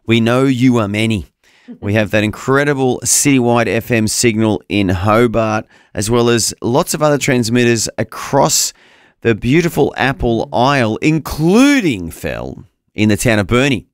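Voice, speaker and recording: A man's voice: medium pitch, animated, moderate pace, clear, resonant tone, no echo. A man co-hosting a breakfast radio show, upbeat, chatty and enthusiastic, on a studio microphone. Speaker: radio co-host. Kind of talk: casual breakfast radio chat.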